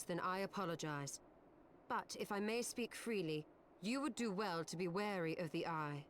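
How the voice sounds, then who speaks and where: A woman's voice: lowish voice, a little hiss or hum, close to an everyday voice. An actress playing an earnest, courtly noblewoman in a game cutscene, speaking in formal, old-fashioned phrases.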